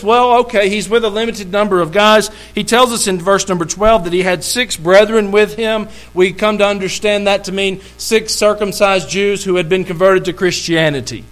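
A man's voice: high voice, normal speed, a bit bright, poor audio. A middle-aged man, preaching a storytelling sermon in a folksy, humorous way and speaking straight to the congregation.

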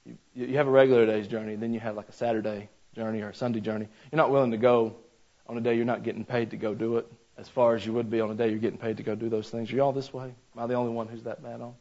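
A man's voice: medium pitch, level tone, rapid-fire, warm tone. A man preaching a sermon in a folksy, conversational way, talking straight to his congregation. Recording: slightly dull lo-fi sound.

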